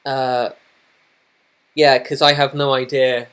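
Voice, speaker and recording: A man's voice: on the high side, normal speed. A young man live streaming at his computer, flustered and apologetic, rambling with many restarts. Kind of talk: casual live-stream chat. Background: noisy laptop fan.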